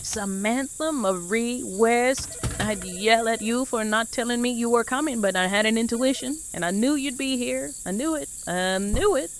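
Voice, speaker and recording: A woman's voice: on the high side, moderate pace, few pauses, slight background noise, natural voice. A woman doing a nosy mama. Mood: delighted. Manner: doting, gossipy, teasing. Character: chatty Southern trailer-park mother, nosy and doting. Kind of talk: audio drama acting.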